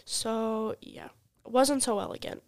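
A woman's voice: a little high, a little slow. A young woman on a podcast, chatting casually and telling stories animatedly, congested from a cold. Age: young adult. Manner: animated storyteller, acts out quotes, swears. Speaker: podcast guest. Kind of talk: casual chat. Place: podcast studio.

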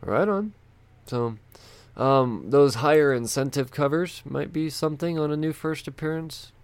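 Male host, gravelly, casual rambling chat with a loose, profane edge, dry close sound. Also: fairly high pitch, a little slow, dry recording. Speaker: comic book vlogger.

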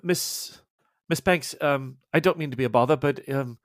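A battered young gentlewoman, put on by a man in a tabletop role-play, fumbling her words and apologizing at every turn. She sounds weak and hurting, her voice lifted well above a man's usual pitch and kept polite. The recording is dry and close. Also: dry recording, natural voice. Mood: timid pleading. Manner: halting, stammering and apologetic. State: weak and in pain. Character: injured, frail young woman, polite and genteel.

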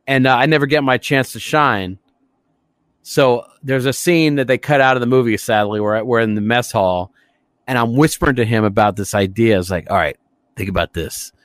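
A man co-hosting a casual podcast, riffing on old movies with profanity and sudden shouted impressions. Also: mid-range voice, moderate pace, smooth, dry recording. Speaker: podcast co-host.

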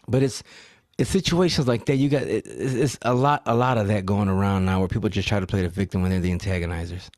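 A man's voice: on the low side, fast, no room sound, studio quality. A man hosting a solo podcast, telling stories in a profane, emphatic way with rhetorical questions. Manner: profane, animated storyteller acting out quotes. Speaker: podcast host.

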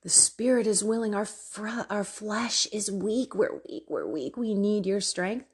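Slow, breathy woman praying fervently. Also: medium pitch. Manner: earnest, fervent pleading. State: tearful. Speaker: faith podcast host. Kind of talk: spoken prayer and exhortation.

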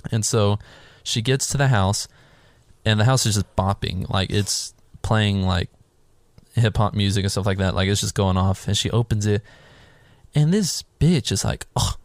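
A man's voice: lowish voice, dry recording. A man casually recapping a film on a podcast, rambling through the plot and acting out the characters' lines, with plenty of swearing. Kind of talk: casual chat.

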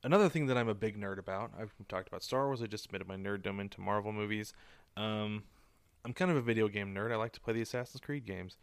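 A man in his thirties co-hosting a casual podcast, an animated storyteller who drops his voice to quote people. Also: fairly low pitch, fast talker, gravelly, clean tone, dry recording. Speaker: podcast co-host. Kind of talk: casual chat.

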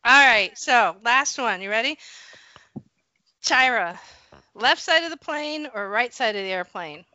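A woman hosting a casual chat, lively and quick to laugh. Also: fairly high pitch, dry recording, highs cut off.

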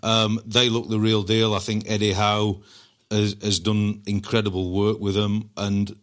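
A man's voice: fairly low pitch, level tone, measured pace, a bit bright. A man appearing as a guest football pundit in a casual chat, enthusiastic and prone to repeating his words. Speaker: guest pundit, former goalkeeper coach.

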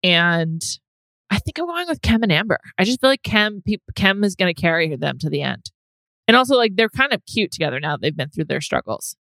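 A woman's voice: lowish voice, vocal fry, no echo. A young woman co-hosting a podcast, chatting casually and laughing easily. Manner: chatty, animated, quick to laugh. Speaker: podcast co-host. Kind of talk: casual chat.

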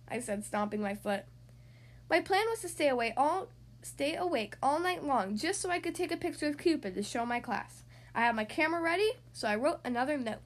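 A woman hosting a children's podcast, reading a picture book aloud in an expressive, animated way. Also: high-pitched, brisk. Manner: animated and expressive, acting out the characters. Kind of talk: storybook read-aloud.

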